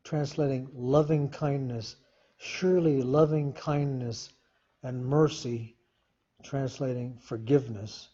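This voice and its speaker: Slow, husky-voiced male preacher. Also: medium pitch, steady tone, warm tone. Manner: slow, emphatic reading of scripture with commentary. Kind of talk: sermon. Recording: dull lo-fi sermon recording.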